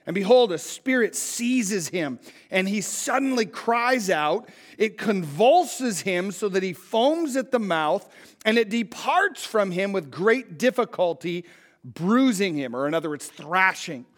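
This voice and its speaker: A pastor with a high voice works through a scripture passage in a relaxed teaching sermon. He reads the verses, then explains them in plain, conversational talk and puts questions to his listeners. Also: unhurried. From United States.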